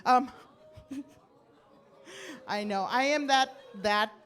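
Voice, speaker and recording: A woman's voice: sits high, very slow, a bit bright. Rambling older woman doing stand-up. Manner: rambling, self-deprecating, laughs at own jokes. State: coughing from bronchitis. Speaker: stand-up comedian. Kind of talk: stand-up comedy set. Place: comedy club stage. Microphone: handheld mic.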